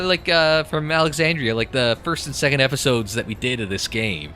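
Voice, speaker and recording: A man's voice: medium pitch, expressive, fairly quick, hardly any pauses, sharp tone, faint music behind. A man commentating his game playthrough with sarcastic, sweary asides and reading the dialogue aloud. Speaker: let's play commentator.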